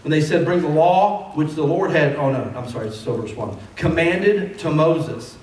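A man's voice: a little high, expressive, moderate pace, a little mellow. A male pastor preaching a sermon in a conversational way that rises to emphatic calls. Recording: echoey hall from far off.

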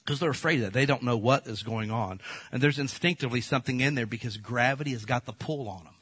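A man preaching a sermon in a folksy, animated storytelling manner, acting out the voices in his stories. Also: mid-range voice, fast talker, slightly rough, dry recording. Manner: folksy, addresses the congregation as folks. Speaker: pastor.

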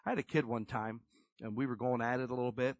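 A man's voice: mid-range voice, fairly even intonation, quick pace, dry recording, poor audio. Conversational man preaching a sermon. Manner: storytelling, conversational, emphatic.

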